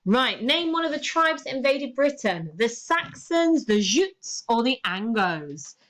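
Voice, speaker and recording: A woman's voice: a little high, big pitch swings, unhurried, a bit bright. A woman teacher, giving a recorded lesson and explaining things step by step in an encouraging way.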